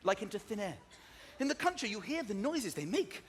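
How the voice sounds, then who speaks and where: A middle-aged man performing a stand-up comedy routine with animated, exaggerated storytelling. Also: sits high, brisk. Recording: noisy recording.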